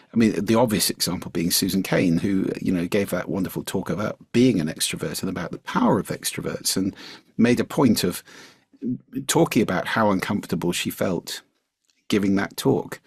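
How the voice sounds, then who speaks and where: Brief: male speaking coach, low husky voice, animated explanatory delivery. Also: dry recording, clean studio sound. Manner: demonstrative, varies pitch widely to illustrate. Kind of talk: podcast interview.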